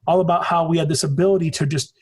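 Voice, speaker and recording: A man's voice: a little high, fairly even intonation, fast, darkish tone, breathy edge. A man in his forties from the United States, a podcast guest telling stories in a rambling, emphatic way and swearing freely. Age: 40s. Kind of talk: casual conversation.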